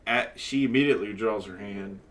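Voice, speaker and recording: A man's voice: lowish voice, fairly quick, fairly bright tone. A man narrating as dungeon master in a loose, rambling way, full of fillers and self-corrections. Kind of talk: improvised tabletop game narration.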